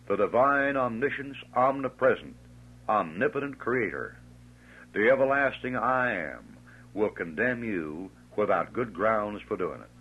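A man's voice: medium pitch, breathy edge. Fiery, scornful preacher man on tinny tape. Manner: emphatic, scornful, drawn-out stresses. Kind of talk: fiery sermon.

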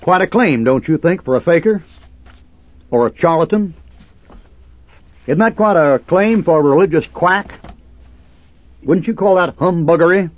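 Combative male preacher, husky and animated, on a dry, lo-fi recording. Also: fairly high pitch, a little slow, long pauses, no room sound. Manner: combative, sarcastic, preaching in old King James cadence. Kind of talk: fiery fundamentalist sermon.

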